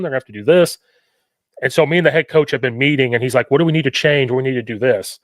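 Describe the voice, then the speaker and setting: A man hosting a podcast, telling coaching stories in an animated way and often quoting himself. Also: medium pitch, quick pace, dry recording. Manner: animated storytelling, quoting himself, repetitive questions. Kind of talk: casual podcast conversation.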